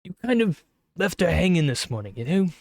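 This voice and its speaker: Streamer doing a sweet British-accented teen girl club president, chipper and a touch eerie, pitched up, dry close mic. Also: very animated, fairly quick, creaky, darkish tone, no room sound. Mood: friendly. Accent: put-on British.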